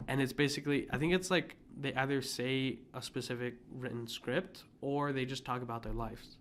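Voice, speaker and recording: A man's voice: mid-range voice, fairly even intonation, moderate pace, slight background noise. A young man hosting a podcast, chatting casually and rambling with many fillers. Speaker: podcast host. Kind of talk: casual chat.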